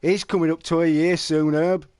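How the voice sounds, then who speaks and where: A man's voice: on the high side, flat delivery, moderate pace, a little mellow. A middle-aged man, chatting casually to viewers on a live stream and telling stories. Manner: chatty, storytelling, calls listeners mate.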